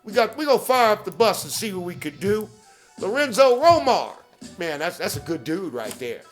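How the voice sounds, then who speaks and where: A man hosting a podcast who pitches hard, repeats catchphrases, keeps asking "okay?" and shouts out people by name. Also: lively intonation, a little fast, faint music behind. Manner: hype-driven, repeats catchphrases, peppers with "okay?". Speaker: podcast host. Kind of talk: promotional monologue.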